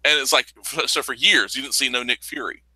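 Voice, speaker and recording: A man's voice: mid-range voice, a little fast, pushed and bright, breathy edge, no echo, low-quality recording. A man co-hosting a casual comics chat, rambling and profane, with bursts of laughter. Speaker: podcast co-host.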